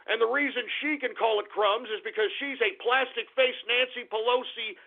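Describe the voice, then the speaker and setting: A man hosting a talk radio show, ranting crudely and insulting his critics, sometimes shouting. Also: very high voice, fairly even intonation, moderate pace, vocal fry. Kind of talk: angry talk radio rant. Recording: tinny phone-like lo-fi radio.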